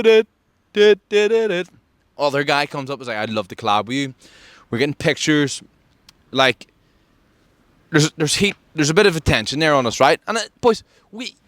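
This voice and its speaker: A man from Ireland hosting a podcast, telling a story in casual chat and acting out quotes with big jumps in pitch. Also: fairly bright tone, no echo. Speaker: podcast host.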